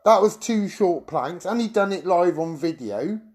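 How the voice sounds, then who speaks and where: Annoyed middle-aged british guy venting at his stream, high voice, rambles and swears a lot. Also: lively intonation, a little mellow. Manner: agitated, rambling, swearing, quick asides to viewers. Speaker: YouTube streamer. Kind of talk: angry monologue to viewers.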